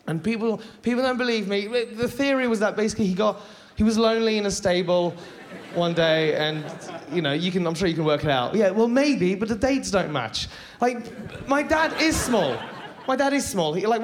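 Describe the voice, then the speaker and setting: A man works a live comedy crowd in a high, bright-pitched voice. He is animated and keeps slipping into squeaky mock voices for his characters between punchlines. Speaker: stand-up comedian. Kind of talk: stand-up comedy set. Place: live comedy stage before an audience.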